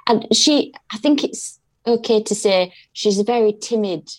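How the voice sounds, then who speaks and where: A woman's voice: medium pitch, normal speed. A woman comedian chatting as a podcast guest, telling rambling anecdotes with many restarts. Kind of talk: casual podcast chat.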